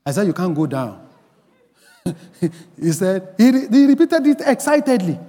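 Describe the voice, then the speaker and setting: High-voiced preaching pastor, man. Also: animated, moderate pace, long pauses, in a large hall. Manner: emphatic preaching, rising to shouts and snatches of song. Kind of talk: sermon. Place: church.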